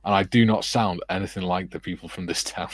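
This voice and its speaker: A man's voice: low voice, steady tone, normal speed. A man from the UK hosting a casual livestream, reading out chat comments and laughing often. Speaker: livestream host.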